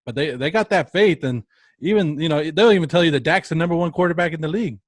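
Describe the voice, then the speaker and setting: A man's voice: fairly high pitch, no room sound. Chatty sports host, man, dry sound. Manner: chatty, teasing, quick questions. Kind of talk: casual sports talk.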